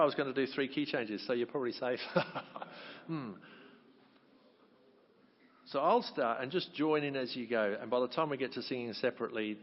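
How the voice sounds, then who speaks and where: A man from Wales with a Welsh accent, leading a crowd in a sing-along as a chatty, encouraging choir leader. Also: mid-range voice. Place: large hall at a conference. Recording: echoey hall, dull sound.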